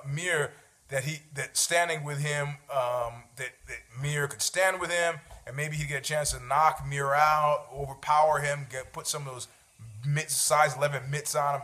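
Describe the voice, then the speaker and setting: A man's voice: on the high side, bright, forceful tone. A man, hosting a show, rambling about fights with sarcasm and freely dropping swear words. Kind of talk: casual chat about fights.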